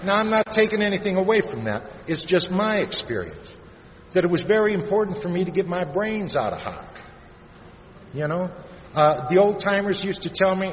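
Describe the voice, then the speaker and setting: A man's voice: high-pitched, lively intonation. Iowa man telling his story in a hall. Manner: plain-spoken storyteller, drops soft and slow on heavy moments. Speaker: recovery meeting speaker. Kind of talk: personal recovery story told to a live audience. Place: large convention hall. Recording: dull, reverberant hall recording with faint hiss.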